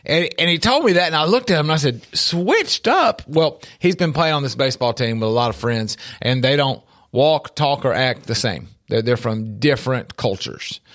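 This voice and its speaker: A middle-aged man co-hosts a casual talk show, voice sitting at an ordinary middle pitch. He tells his stories with animated emphasis. He often repeats a word or two as he gets going. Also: brisk, few pauses. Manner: storytelling, animated, repeats words when starting sentences. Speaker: podcast co-host. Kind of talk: casual faith and life talk.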